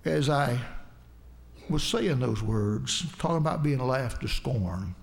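A man's voice: mid-range voice, expressive, takes it slowly, creaky. A man preaching a sermon, telling a personal testimony in an earnest storytelling way, his voice rising in emphatic bursts.

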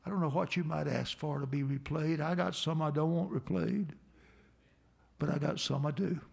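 Older male pastor, slightly high gravelly voice, earnest heartfelt sermon delivery. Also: fairly even intonation, a little mellow. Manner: earnest storytelling, slow and heartfelt. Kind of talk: sermon with prayer.

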